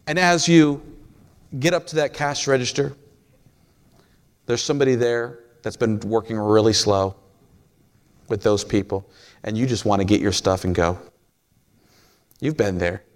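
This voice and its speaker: A man's voice: on the low side, unhurried, pauses often. A man preaching a sermon in a folksy, storytelling way, joking with the congregation.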